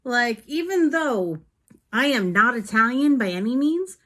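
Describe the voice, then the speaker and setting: A woman's voice: fairly high pitch, lively intonation, unhurried, sharp tone. A woman from New Jersey, talking casually and emphatically to camera in a vlog. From New Jersey, USA. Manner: chatty, opinionated, emphatic, talks with her hands. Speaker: vlogger.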